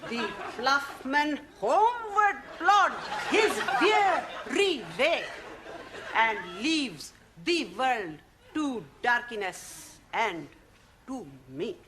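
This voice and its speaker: An actress playing a woman student reciting a poem in halting broken English. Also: high voice, big pitch swings, over a noisy crowd, heavy background noise, heavily acted. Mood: earnest. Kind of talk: 1970s studio sitcom acting.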